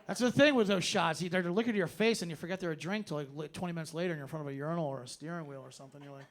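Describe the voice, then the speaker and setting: A fairly high-pitched man fires off a stand-up set rapidly on a comedy club stage. The comedian's routine is loose, sarcastic ranting with free swearing.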